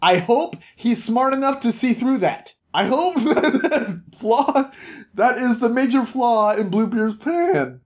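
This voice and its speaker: A host casually recapping a comic book issue in a video, animated and laughing often. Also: mid-range voice, a little slow.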